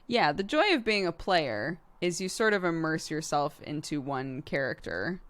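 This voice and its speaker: A woman's voice: low-pitched, sing-song, normal speed, fairly bright tone. A woman streamer chatting casually with viewers, laughing easily and swearing now and then. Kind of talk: casual chat answering viewer questions.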